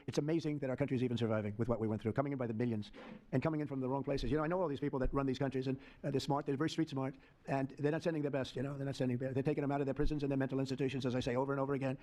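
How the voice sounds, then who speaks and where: A man's voice: medium pitch, steady tone, racing, dark tone. Older man rambling at a press conference. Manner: rambling, repetitive, dismissive. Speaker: president answering press questions.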